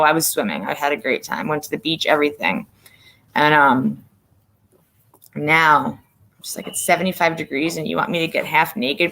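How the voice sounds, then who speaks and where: Chatty woman streamer, slightly low voice. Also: a bit bright. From northern US. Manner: rambling, chatty, lots of fillers and restarts. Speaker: livestream host. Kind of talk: casual livestream chat.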